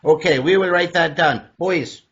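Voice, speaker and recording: Husky guy hosting a goofy podcast interview, slightly high voice, dull lo-fi sound. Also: normal speed, a bit bright, a little hiss or hum. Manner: jokey, storytelling, stumbles over words. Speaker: podcast host. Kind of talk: playful interview chat.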